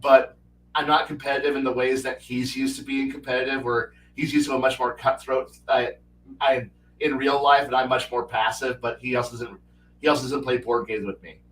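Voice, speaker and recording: A man's voice: medium pitch, flat delivery, fairly quick, a bit bright, a little hiss or hum. A man hosting a livestream who chats casually about strategy games, rambling with many restarts and acting out quotes. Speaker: livestream host. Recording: roomy, with a distant mic.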